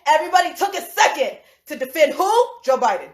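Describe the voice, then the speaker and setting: Brief: mother on a livestream, high voice, animated, laughs between lines, echoey room. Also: fast talker. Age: adult with school-age children. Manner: animated, laughing often, swearing. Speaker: livestream host. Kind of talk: casual livestream rant.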